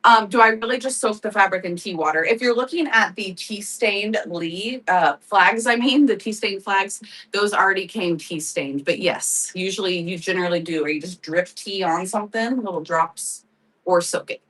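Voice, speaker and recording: A woman's voice: medium pitch, moderate pace, fairly bright tone. Woman, chatty livestream host, laughs a lot, a bit distant from the mic. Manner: chatty, laughs often, thanks viewers by name. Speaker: live-selling crafts host. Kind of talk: casual livestream chat.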